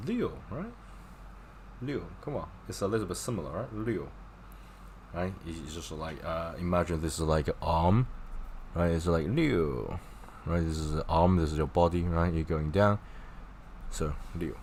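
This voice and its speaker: Male tutor, unhurried, chatty and encouraging, walks through examples step by step. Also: deep voice, a little mellow, a little hiss or hum. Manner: chatty, explains with gestures and repeated examples. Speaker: Chinese teacher. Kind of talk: casual online language lesson.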